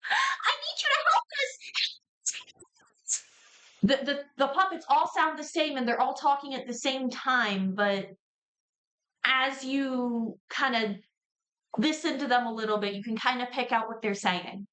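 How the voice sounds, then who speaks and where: A woman narrating a tabletop role-playing game as game master, measured and descriptive. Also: fairly high pitch, a bit bright, poor audio.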